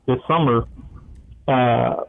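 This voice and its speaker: A man's voice: medium pitch, steady tone, takes it slowly, vocal fry. A man, a radio sports talk co-host, telling chatty football stories and acting out the quotes. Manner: chatty storyteller, acts out quotes. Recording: tinny phone-like radio line.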